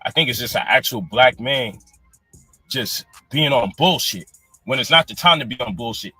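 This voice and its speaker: Bright, husky man ranting angrily. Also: medium pitch, expressive, normal speed, dry recording, soft background music. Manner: angry, profane, exasperated. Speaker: online personality defending his program. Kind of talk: heated live-stream rant.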